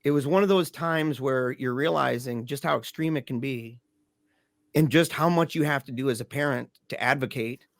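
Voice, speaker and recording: As a podcast guest, a grieving father who lives in Michigan tells a painful family story in casual, emphatic talk full of "dude" and "man." His voice is male, medium in pitch and creaky, at a normal speed, in a dry recording.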